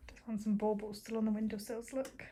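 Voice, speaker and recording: A woman's voice: mid-range voice, little pitch movement, brisk, background noise. A woman, a homemaker and mother, chatting casually at home in a vlog, tired and rambling with plenty of ums.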